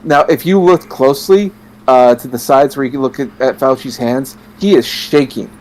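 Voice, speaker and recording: Halting Canadian man in podcast chat. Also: mid-range voice, a little mellow, poor audio. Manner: halting, many restarts, quick bursts. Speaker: podcast co-host. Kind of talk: casual chat.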